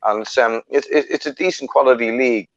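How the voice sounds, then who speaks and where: A man's voice: medium pitch, fast, dry recording. Rambling man on a muffled line. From Ireland. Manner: rambling, many restarts, says "man". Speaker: podcast panelist. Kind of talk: casual football chat.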